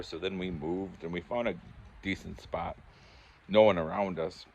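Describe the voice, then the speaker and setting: A man's voice: low-pitched, fairly even intonation, moderate pace, gravelly, breathy edge. A man chatting casually to his camera as a pipe-smoking vlogger, rambling easily with chuckles and self-corrections, the camera held in his hand. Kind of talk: casual fireside chat to camera. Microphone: handheld camera.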